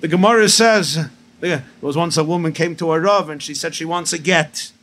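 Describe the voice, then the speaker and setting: A rabbi preaching at a gathering, telling stories and jokes, mixing in Hebrew and Yiddish terms. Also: male voice, a little high, normal speed, a bit bright.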